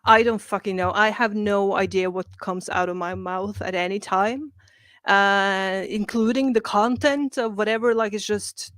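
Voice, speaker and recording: A Norwegian-accented woman with a faint Irish lilt chats in an interview, animated and profane, stumbling over her words and piling on "like"s. Her voice sits in a middle pitch. It comes over a video call with a dry sound and no room echo. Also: measured pace. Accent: Norwegian with a slight Irish lilt. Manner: animated and profane, many restarts and "like"s. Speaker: comic book writer guest. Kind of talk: casual interview chat.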